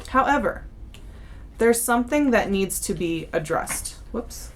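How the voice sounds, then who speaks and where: A woman's voice: a little high, expressive, unhurried, a little hiss or hum. A young woman giving a casual monthly tarot reading, chatty, with frequent fillers and restarts. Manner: chatty, warm-hearted, many fillers and restarts. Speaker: tarot reader.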